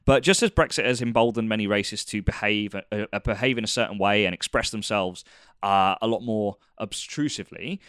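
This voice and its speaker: A man talking in a casual podcast discussion, earnest and argumentative, often pausing on fillers and restarting his sentences. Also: lowish voice, fairly bright tone, clear, resonant tone, no room sound, clean studio sound.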